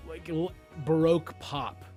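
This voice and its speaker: A man co-hosting a casual album review, opinionated and animated. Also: a little high, a little slow, soft background music. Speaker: music review co-host. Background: album playing faintly.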